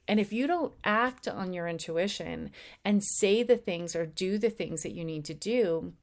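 A woman giving a conversational spiritual teaching talk, acting out the anxious and calm inner voices now and then. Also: on the low side. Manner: acts out voices of ego and intuition; conversational, with slips and restarts. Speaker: spiritual speaker.

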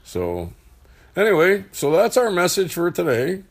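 A man hosting a casual chat, talking in a halting way with lots of fillers and restarts. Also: high-pitched, wildly swooping pitch. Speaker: host.

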